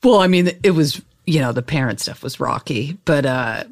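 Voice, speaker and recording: A woman talking as a guest, telling a personal story in a chatty, animated way, with lots of "like" and "you know". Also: low voice, moderate pace. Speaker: podcast guest.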